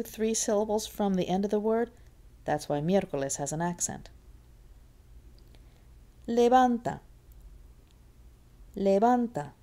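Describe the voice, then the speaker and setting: Female language teacher, unhurried lesson delivery, low warm voice, patient and repetitive. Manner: patient, repeats words slowly to model stress. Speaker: Spanish teacher. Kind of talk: classroom lesson explanation.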